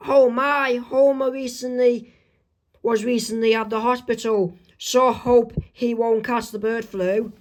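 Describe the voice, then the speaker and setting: A man's voice: extremely high pitch, fairly even intonation, unhurried, voice pushed up. A man voicing a worried cartoon mother in a fan comic reading, fretful.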